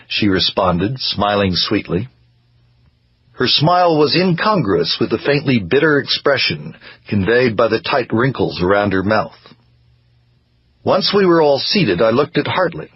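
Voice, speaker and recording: A man narrating a first-person story as an audiobook, in a measured storytelling manner. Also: medium pitch, expressive, husky. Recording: dry, muffled lo-fi recording.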